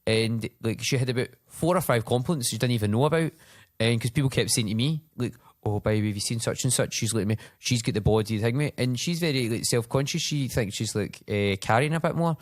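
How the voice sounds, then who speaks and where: Fast-talking Scottish man, casual storyteller. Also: mid-range voice, dry recording, studio quality. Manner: rambling storyteller, acts out voices in anecdotes. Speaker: personal trainer and podcast host. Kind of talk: casual chat.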